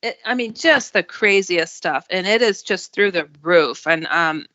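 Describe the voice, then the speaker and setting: Animated, bright-voiced woman guest. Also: on the low side, measured pace, no echo, highs cut off. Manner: animated, acts out quotes, laughs often. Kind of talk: casual storytelling chat.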